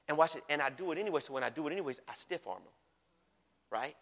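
A man preaching a sermon with animated delivery, swinging from hushed asides to shouts and often checking in with his listeners. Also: high-pitched, very fast, creaky, big-room sound. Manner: animated, repeatedly checks in with the audience.

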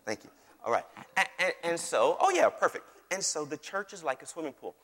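A man's voice: on the high side, very animated, brisk, fairly bright tone. A man preaching a sermon as pastor, folksy and joking, calling on the congregation to answer back. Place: large church hall. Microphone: microphone on stage. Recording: long hall reverb.

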